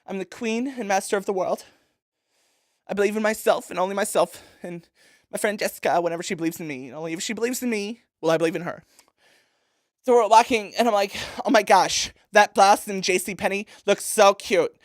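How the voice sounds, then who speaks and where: A woman's voice: fairly high pitch, no echo, clean studio sound, close to an everyday voice. A woman playing a vapid, self-absorbed young woman shopper in a comic monologue, gushing in an airheaded valley-girl way. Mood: hushed.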